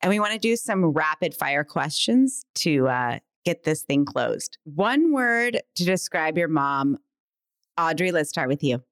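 A woman co-hosting a chatty podcast, her voice pitched fairly low but swooping widely as she talks. She speaks in an easy, casual way and leads the quick-fire questions. The sound is dry and close. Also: very animated, dry recording. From Texas. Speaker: podcast co-host. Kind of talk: casual chat.

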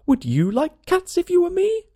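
A man voicing a proud, touchy little male mouse in a shrill, passionate voice for a storybook reading. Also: wildly swooping pitch, moderate pace, mellow, exaggerated voice. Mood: shrill indignant. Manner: passionate, indignant outbursts.

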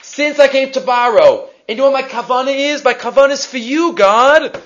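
A man giving a weekly Torah lesson, animated, rising to near shouts and dropping to quiet emphasis. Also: very high-pitched, brisk, slight background noise. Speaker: Torah teacher. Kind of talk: weekly Torah portion lecture. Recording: dull lo-fi recording.

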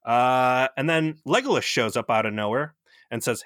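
A man co-hosting a casual podcast, retelling a TV episode in a profane, animated way. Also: mid-range voice, moderate pace, no echo, clean studio sound. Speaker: podcast co-host. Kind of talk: casual chat, TV episode recap.

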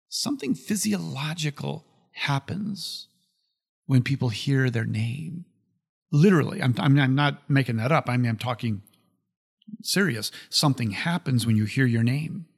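A man with a gravelly edge to his voice teaches in a casual, animated way. He laughs easily and repeats short phrases to press his points home. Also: mid-range voice. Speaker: podcast host.

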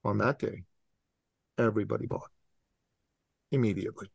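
A man in his forties from the Middle East, a podcast guest and business coach telling an animated, dramatic story. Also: fairly low pitch, normal speed, gravelly, breathy edge, no echo. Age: 40s. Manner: dramatic, acts out scenes with voices.

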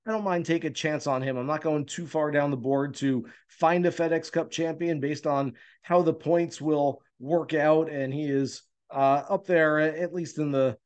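A man's voice: on the high side, a little mellow. A man hosting a golf betting podcast, talking through his picks in an easygoing, conversational way with frequent "uh" fillers. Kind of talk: casual podcast talk giving betting picks.

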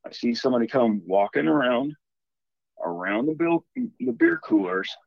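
A man's voice: medium pitch, moderate pace, gravelly, dry recording. Man telling a story over a dull line. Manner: animated, rambling storyteller. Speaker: caller telling a ghost story. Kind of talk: casual storytelling.

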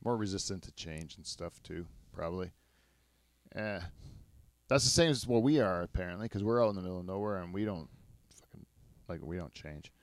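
Rambling man, low voice. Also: fairly quick, long pauses, no echo. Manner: rambling, laughs often, self-mocking. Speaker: podcast host. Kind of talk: casual chat.

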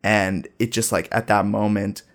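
A man speaking in a lowish voice at a moderate pace recounts a trip in a casual conversation, bringing it to life by performing the quoted dialogue of the people involved.

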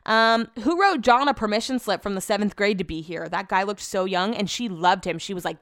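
A woman's voice: medium pitch, a little fast, hardly any pauses, a bit bright, no room sound, studio quality. A young adult woman hosting a podcast, chatting casually and giving opinionated, sarcastic reactions. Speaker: podcast host. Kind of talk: casual chat recap.

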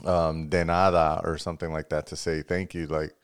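A man's voice: rumbling low, flat delivery, normal speed, smooth, no room sound, studio quality. A man co-hosting a podcast, easygoing and agreeable, rambling in long casual turns. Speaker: podcast co-host.

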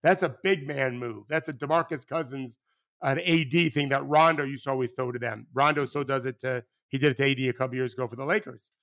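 This ex-basketball coach, with a medium-pitched, creaky voice, talks fast in a casual podcast chat. He's animated and rambling, often starting sentences over and dropping offhand swear words.

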